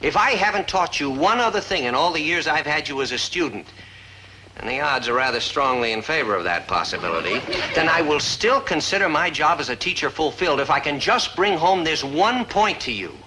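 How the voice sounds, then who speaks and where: A lofty, lecturing schoolteacher. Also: male voice, a little high, expressive, brisk, sharp tone, slight background noise, rough recording. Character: long-suffering male high school teacher, lofty. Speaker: teacher. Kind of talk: 1950s sitcom acting.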